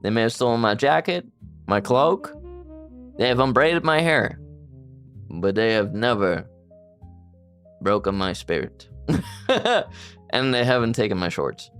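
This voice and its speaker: Woman, live-stream chat, low voice, unhurried, giggly, teasing, faint background music. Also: lively intonation. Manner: playful, giggly, flustered protesting.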